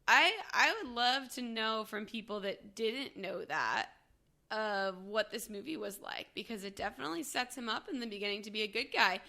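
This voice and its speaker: Woman, bright tone, casual chatty film review, laughs easily. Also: mid-range voice, moderate pace, vocal fry. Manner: enthusiastic, laughs often. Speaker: co-host. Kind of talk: casual movie review chat.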